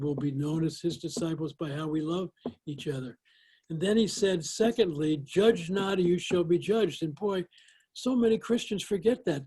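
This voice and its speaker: An older man talks in an easy, folksy way and leans on "you know" as he tells his stories. His voice sits a little high for a man, and it sounds husky and mellow. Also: poor audio. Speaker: guest. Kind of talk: interview conversation.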